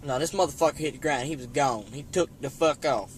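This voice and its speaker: A young man, a storytelling vlogger, rambles through a hunting tale full of swearing and stuffs "you know" into every line. His voice sits fairly high and moves fairly quickly.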